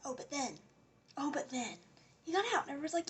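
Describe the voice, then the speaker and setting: A woman's voice: high-pitched, very animated, fairly quick. A woman giving a casual, rambling rant as a commentary vlogger, sarcastic and often dropping to a whisper.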